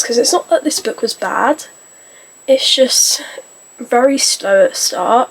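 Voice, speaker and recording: A woman book vlogger talking in a casual, rambling way and often stopping to rephrase. Her voice sits fairly high and has a gravelly, slightly husky edge. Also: poor audio. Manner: rambling, self-correcting, chatty. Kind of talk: casual chat.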